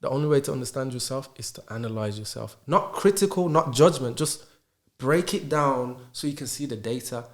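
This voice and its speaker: A man's voice: mid-range voice, expressive, a little fast. Earnest man in a roomy podcast. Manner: earnest, asks himself rhetorical questions. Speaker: podcast guest. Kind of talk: casual podcast chat. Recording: roomy echo.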